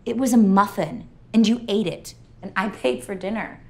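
A woman's voice: medium pitch, normal speed, warm tone, slight background noise, natural voice. An actress playing an exasperated young girlfriend in a comedy sketch, speaking with dry sarcasm. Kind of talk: scripted comedy sketch acting.

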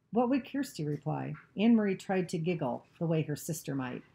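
A woman narrating a novel, reading aloud in a steady, even storytelling manner. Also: sits low, a little fast, gravelly, few pauses.

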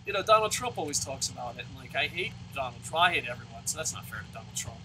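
A man ranting profanely as he plays a baseball video game, with loud outbursts. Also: mid-range voice, big pitch swings, fast talker, background noise. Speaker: let's play host. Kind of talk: profane gaming commentary rant.

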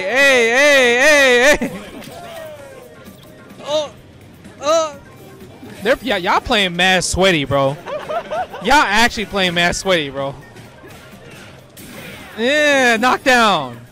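Male host, high bright voice, slangy excited commentary with shouts, faint music and crowd behind. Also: very slow, long pauses. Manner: hype reactions, slangy, frequent shouts. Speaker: host commentating pro players.

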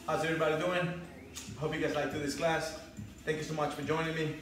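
A man's voice: on the high side, little pitch movement, a little fast, very echoey, far from the mic, background noise. A man leading a spin class, calling out counts and cheering riders on, a little out of breath. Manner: shouted counts and pep calls over music. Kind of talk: fitness class coaching. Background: loud workout music.

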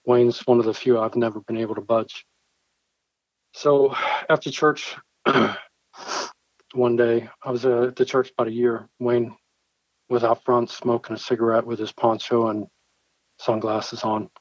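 A man with a mid-range voice, a pastor recounting a dramatic story in an earnest, storytelling way, lively in how he voices the people he quotes. The sound is dry and close, with a dull, slightly lo-fi edge. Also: medium pitch, normal speed, pauses often, no echo. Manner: earnest, vivid storyteller who acts out his own quoted dialogue. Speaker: church pastor. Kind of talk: personal storytelling in an interview.

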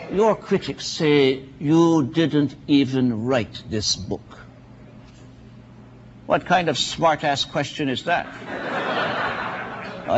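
A man doing a comedy impression of a vain former prime minister who interviews himself, smug and halting with many uhs. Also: on the high side, lo-fi sound, a little hiss or hum.

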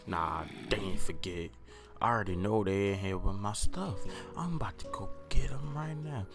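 A young man doing a profane, excitable let's-play commentary, yelping and repeating himself when things go wrong. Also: low-pitched, moderate pace. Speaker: gaming YouTuber. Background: background music.

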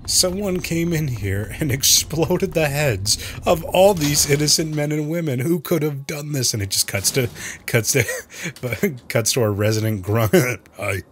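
A man hosting a let's play, giving gameplay commentary full of jokes, swearing and quick reactions. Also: fairly high pitch, a bit bright, a little hiss or hum.

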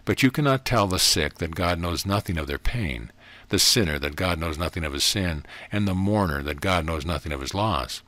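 A deep-voiced man giving voice to a young woman, gentle, steady, certain, slow explaining, dry close sound, audiobook reading. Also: dry recording. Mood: calm earnest.

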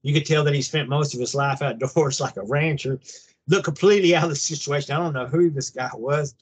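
A man over fifty telling a long personal story in a casual, halting way, full of restarts. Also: fairly high pitch, slight background noise. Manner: halting, rambling, with many restarts. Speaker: guest recounting an abduction experience.

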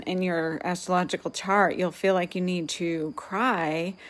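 A woman hosting a casual live-streamed spiritual session, speaking gently and soothingly and laughing often. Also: fairly low pitch. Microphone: webcam or phone for a live stream.

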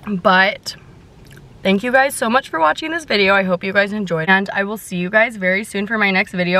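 A young woman in her twenties chats casually to her viewers while eating in a mukbang vlog. Her voice sits at an ordinary middle pitch, upbeat and talkative between bites. A faint background noise hums under the recording. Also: pushed and bright. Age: 20s. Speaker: food vlogger.

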